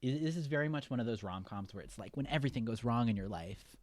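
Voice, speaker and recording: A man's voice: mid-range voice, fast, dry recording. A young man casually talking through a film as a podcast co-host, rambling with many fillers. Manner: relaxed, rambling, lots of fillers. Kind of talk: casual movie discussion.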